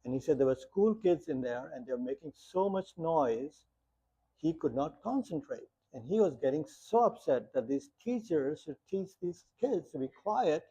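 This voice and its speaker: Guiding a meditation talk, this man speaks at normal speed in a slightly high, animated voice, dark with a breathy edge. His plain delivery is full of rhetorical questions and brief stories, captured in muffled lo-fi sound.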